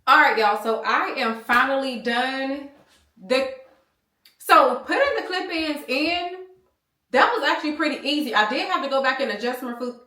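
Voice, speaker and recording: A woman's voice: high-pitched, normal speed, sharp tone, roomy sound. A woman in her thirties chatting to her viewers as a beauty vlogger, rambling casually and calling them y'all. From United States. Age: 30s. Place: room at home. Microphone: small handheld camera.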